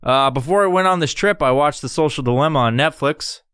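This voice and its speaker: A man hosting a solo podcast, rambling through a story with constant swearing and lively mimicry. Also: fairly high pitch, a little fast, clear, resonant tone, no echo, clean studio sound. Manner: profane, rambling, animated storytelling. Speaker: podcast host.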